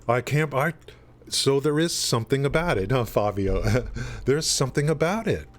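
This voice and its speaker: A man's voice: medium pitch, expressive, moderate pace. A man hosting a live game stream, chatting loosely with his viewers, rambling with many restarts and fillers. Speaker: livestream host. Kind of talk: casual chat with stream chat.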